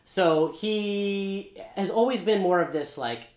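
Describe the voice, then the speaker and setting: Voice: mid-range voice, echoey room. A co-host of a comic book channel, retelling a comic plot in casual chat, rambling and cursing with lots of asides. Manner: rambling, profane, animated retelling with quick asides.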